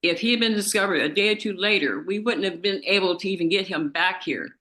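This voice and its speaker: A woman, a relative of the victim, speaks in court directly to the defendant, distressed and halting, repeating herself as she accuses. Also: medium pitch, bright, forceful tone. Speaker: victim's relative giving an impact statement.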